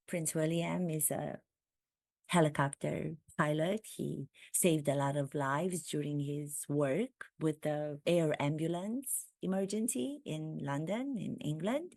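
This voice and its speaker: A woman vlogger giving animated, emphatic satirical commentary on royal gossip. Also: sits low, creaky, no room sound, clean studio sound. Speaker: vlogger and acting coach.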